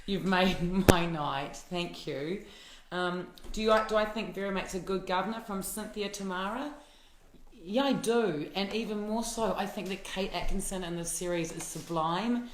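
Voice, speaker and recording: A woman's voice: mid-range voice, normal speed, echoey room, slight background noise. A woman with a New Zealand accent chatting playfully on a live stream. She reads viewer comments aloud, laughs often and uses many fillers and restarts. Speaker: actress hosting a live fan Q&A. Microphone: phone or laptop mic on a live stream.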